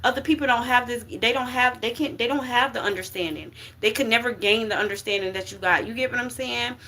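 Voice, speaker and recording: Woman doing a casual spiritual reading, slangy and emphatic, bright voice, keeps checking in. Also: on the high side, fairly quick. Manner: slangy and emphatic, checks in with "okay?" and "you get what I'm saying?". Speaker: spiritual reader.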